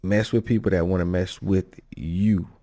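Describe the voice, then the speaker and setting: A man's voice: low voice, steady tone, moderate pace, dark tone. A man hosting a podcast, giving casual, candid commentary on clips and breaking into laughs between his points. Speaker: podcast host reacting to clips.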